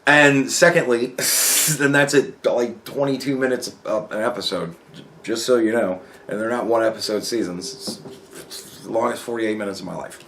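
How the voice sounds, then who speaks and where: A young male vlogger rambles casually in a mid-range voice at normal speed, with slight background noise. He swears a lot, laughs often, and acts out his stories animatedly.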